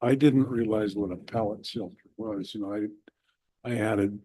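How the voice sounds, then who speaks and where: Male councilman, husky and mellow, folksy report into a desk mic. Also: fairly low pitch, normal speed, dry recording, poor audio. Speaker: city councilman. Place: council chamber.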